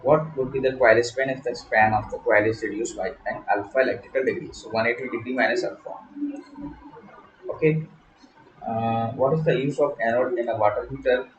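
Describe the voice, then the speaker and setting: A man tutoring for an electrical exam, reading out questions and giving quick answers, slipping into Hindi to explain. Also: mid-range voice, steady tone, highs cut off. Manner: reads questions then answers briefly, switching into Hindi explanations. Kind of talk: solved-paper walkthrough. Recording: echoey room, faint background noise.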